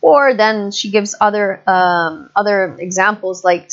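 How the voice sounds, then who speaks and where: A woman giving an online English lecture, explaining slowly with many fillers and frequent checks for understanding. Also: mid-range voice. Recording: muffled lo-fi recording.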